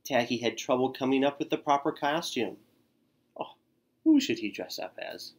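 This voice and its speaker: A man reading a children's picture book aloud in an expressive way, with gasps and sighs. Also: mid-range voice, moderate pace, vocal fry. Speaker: storyteller.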